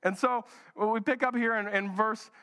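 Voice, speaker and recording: High-voiced pastor preaching in a reverberant hall. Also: male voice, steady tone, moderate pace, sharp tone. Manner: playful, acts out Bible characters in put-on voices. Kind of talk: sermon. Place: church hall.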